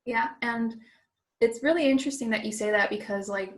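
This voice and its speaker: A woman's voice: on the high side, brisk. A woman hosting a casual interview as a coach, who talks in an encouraging way and says "like" often. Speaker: host and coach.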